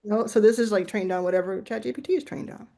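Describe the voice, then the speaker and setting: Animated woman hosting a casual chat. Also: mid-range voice, quick pace, vocal fry. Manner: animated, lots of "like" and restarts. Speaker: host.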